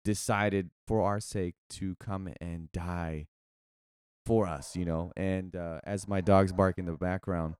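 Low male co-host, casual and lively, clear dry recording. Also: slow, dry recording. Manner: animated, casual, says dude and man. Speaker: podcast co-host. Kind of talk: casual faith discussion.

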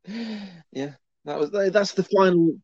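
A man co-hosting a casual film review chat, incredulous and quick to laugh. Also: high-pitched, over music. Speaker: podcast co-host. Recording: slightly dull lo-fi mic.

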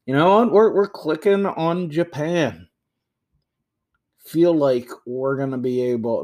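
A man hosting a show, casually talking himself through a game, swinging between loud outbursts and quiet muttering. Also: mid-range voice, normal speed. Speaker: podcast host. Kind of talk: casual live commentary while playing a game.

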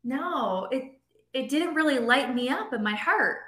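A middle-aged woman talking as a podcast guest in a casual interview, animated and acting out quotes with a raised voice. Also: high-pitched, measured pace. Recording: echoey room.

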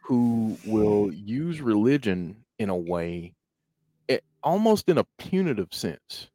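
A man's voice: on the low side, sing-song, slow pace, mellow, no echo. A man in casual conversation about a film, speaking thoughtfully and hesitantly, often restarting his sentences.

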